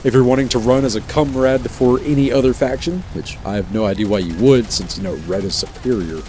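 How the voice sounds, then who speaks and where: A man's voice: medium pitch, a little fast, a little mellow, slight background noise. A man hosting a gaming video in a playful, jokey commentary style with teasing asides. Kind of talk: casual game commentary.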